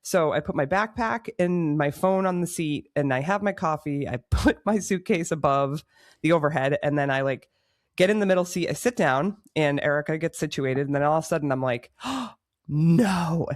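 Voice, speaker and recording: A woman podcast co-host tells a story in a lively, self-mocking way and laughs in the middle of her sentences. Her voice sounds close and dry, with no room echo. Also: deep voice, fairly quick. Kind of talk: casual chat, storytelling.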